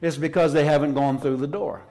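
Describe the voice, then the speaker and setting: A man's voice: fairly high pitch, steady tone, fairly quick, dark tone. A man preaching a Pentecostal sermon in a church service, fervent and emphatic, repeating his key phrases for weight. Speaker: pastor.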